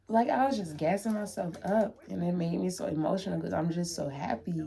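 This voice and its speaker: A woman's voice: lowish voice, a little fast, gravelly, hardly any pauses, dark tone. A young woman talking to the camera from her room in a heartfelt, chatty vlog, repeating herself as she speaks. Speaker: vlogger. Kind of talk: emotional casual vlog to camera.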